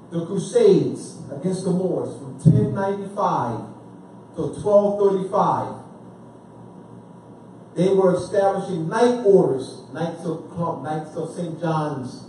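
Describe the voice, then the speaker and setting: A man's voice: on the high side, dark tone, a little hiss or hum. Man lecturing in an echoey room. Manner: asks the listener questions and repeats himself for emphasis. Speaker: speaker lecturing on history. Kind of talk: informal history lecture. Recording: echoey room, speaker far from the mic.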